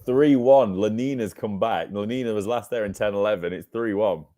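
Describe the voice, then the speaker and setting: A man's voice: lowish voice, moderate pace, mellow, no room sound, studio quality. A man from England co-hosting a cricket podcast, telling stories with enthusiasm in casual chat. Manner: enthusiastic storytelling. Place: New Zealand.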